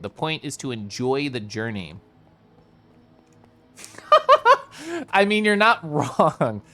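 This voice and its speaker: A young man streaming a game, chatting casually with his viewers in a flowing, animated monologue and laughing often. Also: on the high side, clear, resonant tone. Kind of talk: casual live-stream chat while gaming.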